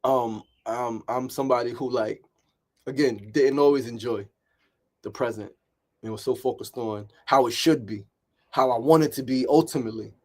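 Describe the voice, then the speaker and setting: Hosting a motivational podcast talk, this middle-aged man speaks at medium pitch and a moderate pace. He hammers points home repetitively, keeps tossing in "right?", and swears a bit.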